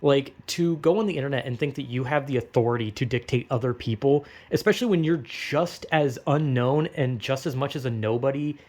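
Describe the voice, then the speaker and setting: A man's voice: medium pitch, fairly quick, few pauses, a little mellow. A young man in a casual, rambling rant, swearing often and mocking himself. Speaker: online commentator.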